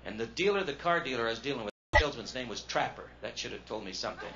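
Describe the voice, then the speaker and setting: A man's voice: medium pitch, sing-song, racing, hardly any pauses. Wry man doing stand-up on stage. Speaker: stand-up comedian. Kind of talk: live stand-up comedy. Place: casino showroom on stage. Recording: dull lo-fi 1970s live record, loud hiss.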